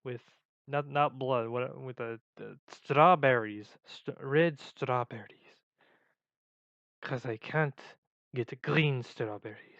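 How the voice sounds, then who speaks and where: A man voicing a comic, boastful Russian man in a mock Russian accent, with broken grammar and slow, exaggerated delivery. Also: mid-range voice, creaky, fairly bright tone, no echo, highs cut off. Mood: hammy.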